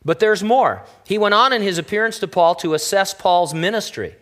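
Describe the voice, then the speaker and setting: A male pastor with a voice a little above the usual pitch for a man, preaching in an easygoing, conversational way. He slips wry, joking asides in among his encouragements to the congregation. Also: moderate pace, a bit bright. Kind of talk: conversational sermon.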